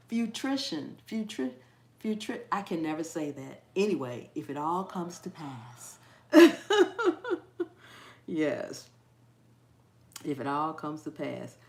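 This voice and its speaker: This cooking channel host has a low, darkish voice that echoes with reverb. Chatting casually live with her viewers, she frequently laughs at herself and gets tripped up on a word she repeats.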